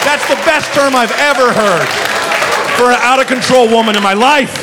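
A male stand-up comedian telling a story on a club stage in an animated, profane way, talking on a handheld mic. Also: extremely high pitch, moderate pace, a loud crowd, heavy background noise. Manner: animated, profane, swings between voices.

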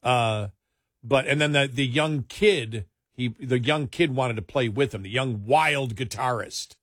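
A husky male talk show host in easygoing chat, wandering through stories and restarting his sentences, then pressing hard on his main points. The sound is dry and close, with no room around it. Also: medium pitch, unhurried, no room sound. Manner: rambling, self-correcting, builds up emphatically.

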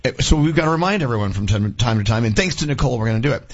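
A middle-aged male radio host with a husky, slightly breathy voice, talking in a loose, chatty way. He laughs easily and tells stories. The sound is dull and lo-fi. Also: medium pitch, expressive, rapid-fire. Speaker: radio morning show host. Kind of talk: casual radio talk.

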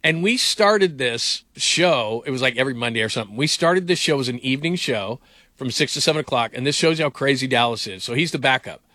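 A man's voice: medium pitch, animated, fairly quick, sharp tone, no echo, clean studio sound. A middle-aged man hosting a sports talk radio show, rambling through stories with lots of fillers. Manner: rambling storyteller, heavy on fillers.

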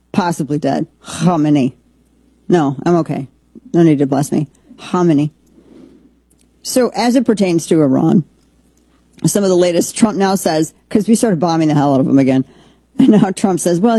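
Husky-voiced woman hosting opinionated commentary. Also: low voice, warm tone, no room sound. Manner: opinionated, rambling with frequent restarts. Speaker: podcast host. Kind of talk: political commentary.

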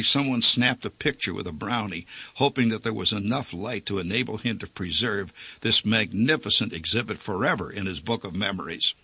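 A man with a lowish, husky, bright voice tells a first-person story, lively in pitch and full of wry deadpan asides. The sound is close and dry. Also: dry recording. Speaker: narrator.

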